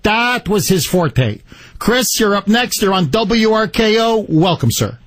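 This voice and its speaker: A man's voice: sits high, sing-song, a little slow, dry recording. A man with an English accent hosting a call-in radio show, blunt and sarcastic with his callers. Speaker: radio talk show host. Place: radio studio. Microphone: studio microphone.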